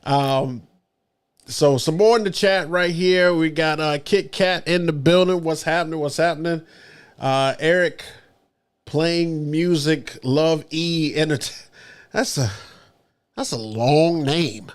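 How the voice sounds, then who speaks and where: A man's voice: on the high side, measured pace, clear, resonant tone. A man hosting a casual livestream podcast, greeting the chat and introducing his guest. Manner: upbeat, reads out chat names. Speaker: podcast host.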